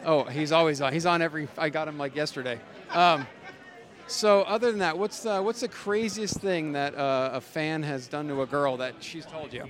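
A man's voice: on the high side, steady tone, normal speed, a bit bright. A man hosting a podcast at an expo, chatting and joking loosely with guests and often restarting his sentences. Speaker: podcast host interviewing at an expo. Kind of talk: casual interview chat.

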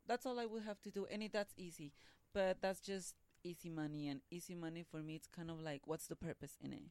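A woman's voice: on the low side, steady tone, brisk, a little mellow, clean tone, no echo. A woman on a podcast as a guest and mentor, chatting casually in a bold, playful way. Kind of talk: casual chat.

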